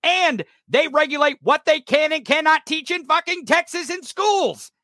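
A man's voice: extremely high pitch, moderate pace, sharp tone, no echo, clean studio sound. A middle-aged man hosting a podcast, delivering an angry, profane, sarcastic political rant. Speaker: podcast co-host.

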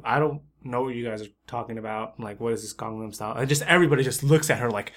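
A man co-hosting a casual talk show who lives abroad as a teacher. His voice has an ordinary middle pitch. He tells stories in a laid-back way, padding them with filler words. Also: quick pace. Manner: relaxed storytelling, many filler likes. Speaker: podcast co-host; expat teacher in Korea. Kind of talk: casual chat.

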